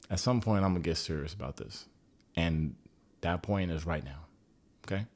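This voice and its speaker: Slangy joking man with a low voice. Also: normal speed, darkish tone. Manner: joking, slangy, profane asides. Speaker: reality show recap host. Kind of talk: casual comedic commentary.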